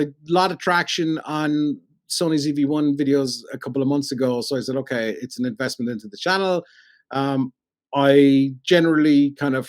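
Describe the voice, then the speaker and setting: A man's voice: on the high side, no echo. A man with a Cork Irish accent, a radio presenter telling stories in a rambling, chatty way as a podcast guest. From Ireland. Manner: chatty storyteller, rambling with many "you know"s. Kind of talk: casual podcast chat.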